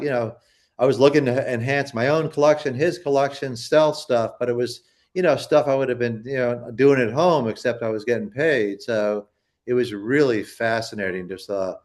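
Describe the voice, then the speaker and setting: A man's voice: mid-range voice, darkish tone. A man, a poster collector, telling a long story in a casual interview, rambling with many restarts and acting out quoted people.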